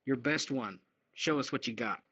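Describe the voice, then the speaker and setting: A man's voice: medium pitch, moderate pace, pushed and bright, breathy edge, dry recording, lo-fi sound. A man co-hosting a call-in radio chat show, speaking in a dry, matter-of-fact way. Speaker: co-host.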